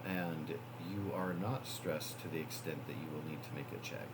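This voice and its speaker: Male game master, very low voice, relaxed hedging delivery, noisy voice-chat recording. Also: normal speed. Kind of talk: narrating a tabletop game.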